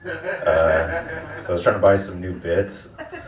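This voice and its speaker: A man's voice: deep voice, big pitch swings, measured pace. A young man doing a stand-up set, with a laid-back, crude, slangy delivery. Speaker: stand-up comedian. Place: comedy club stage. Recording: dull, distant, echoey club recording.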